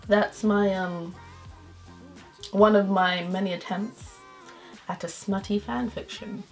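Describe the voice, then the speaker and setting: A woman's voice: mid-range voice, fairly even intonation, takes it slowly, soft background music. A young adult woman vlogger reads her old fan fiction aloud, laughing and adding embarrassed, self-mocking asides.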